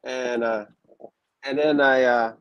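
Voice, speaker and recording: A man's voice: medium pitch, fairly even intonation, takes it slowly, clean tone, no echo, muffled recording. A man in a casual interview, telling stories with many restarts and fillers and acting out quotes. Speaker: wrestler guest.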